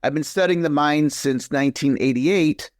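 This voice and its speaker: An earnest man in his fifties speaks as a guest in a conversational interview, with a somewhat high voice. His sound is dry and close, with no room around it. He repeats his key points and grows animated when he retells a scene. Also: normal speed, no room sound. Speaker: podcast guest, coach.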